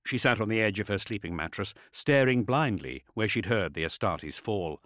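A man reading a novel aloud as narrator, measured and expressive, sinking to a hushed intensity. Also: fairly low pitch, no room sound, studio quality. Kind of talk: audiobook narration.

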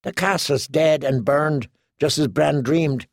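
A man's voice: on the high side, takes it slowly, gravelly, dry recording, clean studio sound. A man voicing a blunt, tough wild woman fighter. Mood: grim. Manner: blunt, commanding. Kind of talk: audiobook character voice.

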